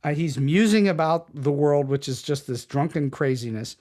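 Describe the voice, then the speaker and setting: A man's voice: fairly high pitch, moderate pace. A man hosting an interview podcast, telling stories with energy and laughing often. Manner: animated storyteller, laughs often. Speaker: podcast host. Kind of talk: casual interview chat.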